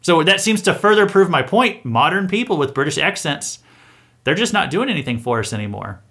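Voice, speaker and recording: A man's voice: fairly high pitch, very animated, a little fast, pushed and bright. Sarcastic man ranting in mock outrage. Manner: mock-earnest, sarcastic rant with hesitant restarts. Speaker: satirical news host. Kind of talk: satirical news monologue.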